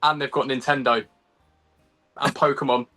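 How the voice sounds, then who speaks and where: A man's voice: medium pitch, flat delivery, normal speed, sharp tone, soft background music. A young man from England with an English accent, a guest chatting casually in an interview over a video call, laughing often and full of ums and restarts.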